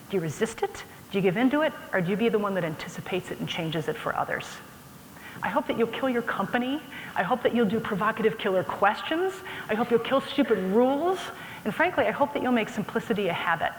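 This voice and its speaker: Woman keynote speaker, lively storyteller addressing the crowd, recorded in a reverberant hall. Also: mid-range voice. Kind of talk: conference keynote. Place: large conference hall. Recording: echoey hall, faint background noise.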